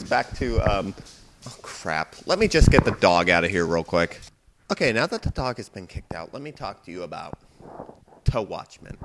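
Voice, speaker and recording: Lively young man rambling on his vlog. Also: fairly low pitch, background noise. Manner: rambling, animated, sidetracked. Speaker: video blogger. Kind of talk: casual rambling movie review. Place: home room at parents' computer.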